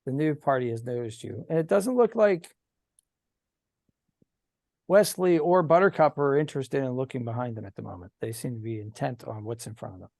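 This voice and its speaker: A man's voice: medium pitch, animated, gravelly, darkish tone, no room sound. Dry-sounding man running the game. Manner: halting, searching for words. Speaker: game master. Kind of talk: narrating a tabletop game on a video call. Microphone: video call.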